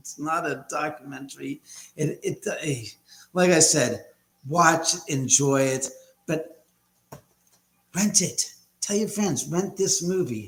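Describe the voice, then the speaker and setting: A man hosting a casual live stream from home, rambling and blunt with casual swearing. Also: medium pitch. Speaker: livestream host. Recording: echoey room.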